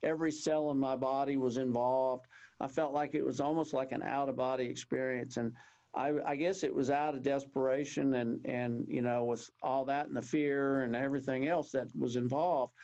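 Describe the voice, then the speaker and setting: A man, telling his personal story as an interview guest in an earnest, halting way with many restarts. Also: medium pitch, fairly even intonation, a little mellow. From Texas. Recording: dull lo-fi audio.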